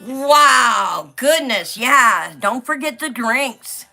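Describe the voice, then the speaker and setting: A middle-aged woman chats slowly on her livestream and reads out viewer comments. Her voice is bright and sits a little high. Faint music plays behind her. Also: animated, creaky. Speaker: livestream host. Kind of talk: casual livestream chat while coloring.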